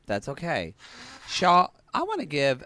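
A man's voice: fairly high pitch, wildly swooping pitch, a little slow, sharp tone. A young man co-hosting a podcast in casual chat, gushing and teasing, laughing often. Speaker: podcast co-host.

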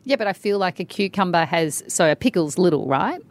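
A woman's voice: fairly low pitch, animated, a little fast. A woman in her forties co-hosting a radio show, playful and teasing, always firing off questions. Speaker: radio co-host. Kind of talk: casual radio banter.

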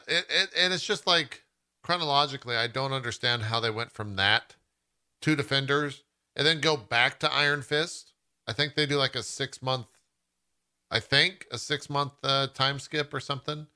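A man's voice: mid-range voice, a little slow, sharp tone, clear, resonant tone. A man co-hosting a podcast in casual chat, eagerly explaining and restarting his sentences. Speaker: podcast co-host.

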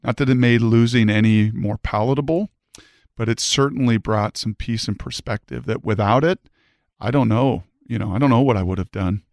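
A man, a former high school quarterback, giving an earnest and emphatic personal faith testimony. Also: normal speed, gravelly, darkish tone, dry recording, studio quality.

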